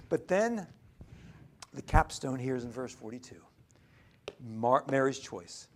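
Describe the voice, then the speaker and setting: A male pastor preaching a sermon in church. He swings from loud emphasis to near-whispered asides and often stammers and restarts. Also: mid-range voice, expressive, measured pace, pauses often.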